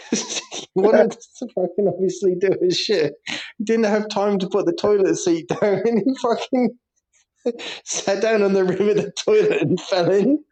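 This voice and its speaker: Bloke on a footy podcast, bit high voice, keeps cracking up and swearing while he tells work stories. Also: normal speed. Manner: animated storytelling, frequent laughter and swearing. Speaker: podcast co-host; primary school teacher. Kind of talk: casual football podcast chat.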